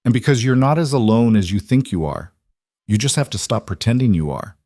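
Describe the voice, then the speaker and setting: A man's voice: medium pitch, lively intonation, brisk, darkish tone, no room sound, close to an everyday voice. A composed young nurse who speaks plainly and reassuringly, as a man reads her lines. She sounds matter-of-fact and firm in a dry, close storybook recording. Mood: earnest, firm. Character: calm, practical young woman nurse. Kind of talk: scripted story reading.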